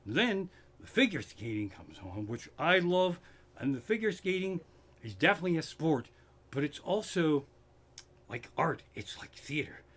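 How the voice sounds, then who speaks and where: Male comedian, Pennsylvania accent, cursing rant, animated pitch, living room live stream. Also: moderate pace. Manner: profane, worked-up ranting. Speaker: stand-up comedian. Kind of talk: live-streamed stand-up from home.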